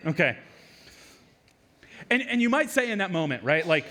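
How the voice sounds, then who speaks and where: Animated pastor preaching in a higher voice. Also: male voice. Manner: conversational, animated, with quick asides and repeated words. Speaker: lead pastor. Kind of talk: sermon.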